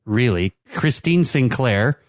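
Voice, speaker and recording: A man's voice: medium pitch, expressive, slow pace, dry recording, clean studio sound. A man co-hosting a podcast, talking casually about soccer teams with lots of fillers and restarts. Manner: chatty, many fillers and restarts. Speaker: podcast co-host. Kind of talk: casual sports chat.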